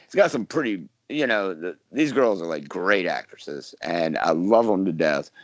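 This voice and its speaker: A man talks through a casual interview in a lowish voice, wandering and restarting his sentences with plenty of fillers. The sound is dry and close, with no room around it. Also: lively intonation, moderate pace, no echo, lo-fi sound. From South Carolina, US. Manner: rambling, many fillers and restarts. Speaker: actor, podcast guest.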